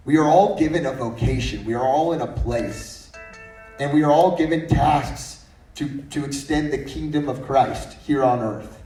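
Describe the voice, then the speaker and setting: Slightly slow and mellow, with a mid-range voice, a guest speaker in his thirties tells humorous stories in a faith-based talk at a breakfast meeting. He often restarts his sentences, and the recording sounds roomy and far off.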